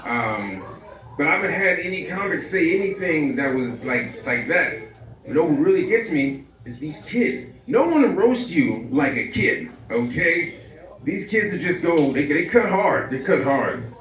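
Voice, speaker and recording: A man's voice: fairly high pitch, big pitch swings, unhurried, a bit bright. A young man doing stand-up at an open mic, talking loosely with lots of fillers and laughing at his own lines. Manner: loose, rambling, full of fillers and self-laughs. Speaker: stand-up comic. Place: small club stage. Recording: echoey room, mic heard from a distance.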